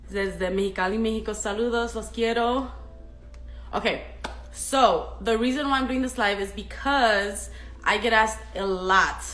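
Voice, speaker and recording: A woman's voice: mid-range voice, fairly bright tone. A young woman hosting a live stream, chatty and openly nervous, reading out viewer comments and laughing between them. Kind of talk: casual live-stream chat. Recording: roomy echo, faint music.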